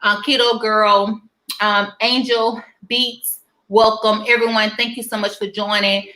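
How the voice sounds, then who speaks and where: A woman hosting a live stream, chatting casually and greeting viewers, animated and silly, getting loud when excited. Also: a little high, unhurried, roomy sound, poor audio.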